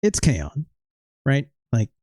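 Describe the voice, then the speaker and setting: Casual let's play dude, rambly, self-deprecating, slow talk with big pitch swings. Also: male voice, wildly swooping pitch, dark tone, breathy edge, no room sound. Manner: rambling, self-deprecating, lots of filler and trailing off. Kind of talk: casual gameplay commentary.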